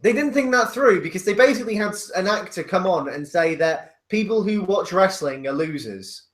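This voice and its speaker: A man on a casual livestream panel, curious and quick with follow-up questions. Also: high voice, expressive, fairly bright tone. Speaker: podcast panelist. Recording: echoey room.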